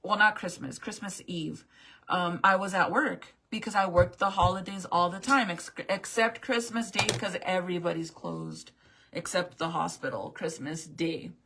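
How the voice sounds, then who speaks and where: Gravelly-voiced woman, tearful and confessional. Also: fairly low pitch, moderate pace, a bit bright, slight background noise. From New Mexico. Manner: emotional, swears often, laughs when close to tears. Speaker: vlogger. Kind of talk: casual confessional talk to camera.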